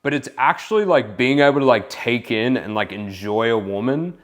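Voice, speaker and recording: A young man giving a relaxed, casual voice-over about dating, full of fillers like "kind of". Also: medium pitch, normal speed. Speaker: dating coach. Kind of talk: voice-over commentary on infield footage.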